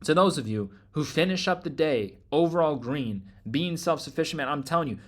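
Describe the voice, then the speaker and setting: A man in a hyped promotional rant, loud and emphatic, with a somewhat high voice. He swears nearly every line and keeps tacking "man" onto his sentences as he hosts his trading group. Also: expressive, brisk.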